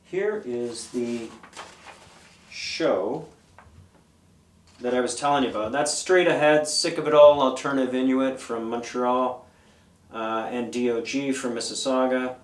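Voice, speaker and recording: Speaking at a measured pace with long pauses, this man in his fifties rambles through stories as an interview guest, naming old bands along the way. His voice is mid-range, and the mic sits far off in a roomy room.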